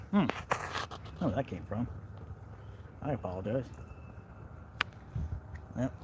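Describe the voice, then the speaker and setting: A man vlogging outdoors by the water on a cold day, chatting in a relaxed, rambling way and talking to his dog. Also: medium pitch, slow pace, long pauses. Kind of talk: casual outdoor vlog chat. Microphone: handheld phone camera. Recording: outdoor phone recording with background noise.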